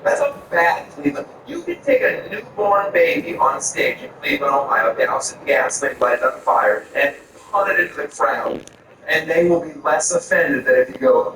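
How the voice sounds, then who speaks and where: A man from Florida with a somewhat high voice doing stand-up, ranting crudely. He is heard from a distance in a very echoey room, with steady noise behind him. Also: normal speed, long pauses. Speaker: stand-up comedian. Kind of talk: stand-up set. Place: comedy club stage. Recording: echoey room from far off, audience ambience.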